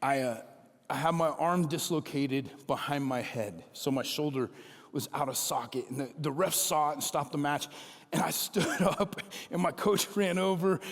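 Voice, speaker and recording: A middle-aged man preaching a sermon as a pastor, telling stories in an animated way and acting out the dialogue. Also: fairly high pitch, moderate pace, big-room sound.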